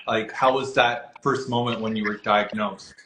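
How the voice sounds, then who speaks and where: A man's voice: on the low side, fairly even intonation, moderate pace, a bit bright. A man hosting a casual video-call interview. He rambles through his questions with fillers and self-deprecating asides. His voice comes through an echoey room, with a faint hiss behind it. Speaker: interviewer for an epilepsy alliance.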